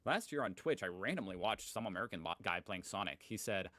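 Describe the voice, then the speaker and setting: A young man with a fairly low voice reads posts aloud and comments on them. His delivery is sarcastic and amused, in a loose, chatty way. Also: animated, fast talker, sharp tone, no room sound, poor audio. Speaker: host.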